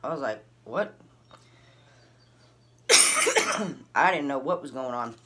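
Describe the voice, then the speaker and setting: A woman's voice: moderate pace, very noisy. A woman casually telling a personal story, acting out the people in it with big jumps in her voice. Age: adult, recalls early twenties and has a son. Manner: animated, acts out dialogue with big pitch jumps.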